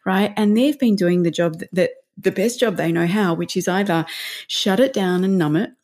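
A woman's voice: medium pitch, normal speed, darkish tone. A middle-aged woman, a parenting counsellor, explaining emotional intelligence in an earnest, emphatic interview style. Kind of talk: conversational interview.

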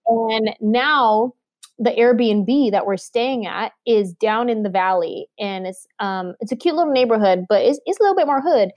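A woman in casual conversation about faith, telling stories with lively acted-out quotes. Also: on the high side, moderate pace, no echo, muffled recording. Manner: animated storyteller, acts out quotes. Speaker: podcast guest.

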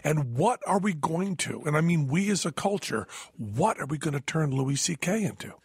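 A man co-hosting a podcast in casual chat, a lively storyteller who acts out voices, with a gravelly, husky voice. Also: a little high, normal speed, dry recording, studio quality. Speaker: podcast co-host. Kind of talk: casual chat, telling an anecdote.

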